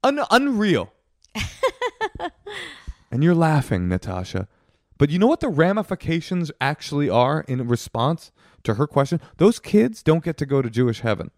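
Teasing man with a lively voice. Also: on the high side, moderate pace, dry recording, clean studio sound. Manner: teasing, mock-indignant, laughs often. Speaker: podcast co-host. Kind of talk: comedic casual chat.

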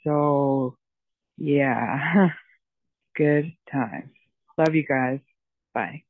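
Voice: medium pitch, drawn-out words, no echo. A young adult listener leaving a rambling, hesitant voicemail full of ums. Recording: tinny phone line, dry.

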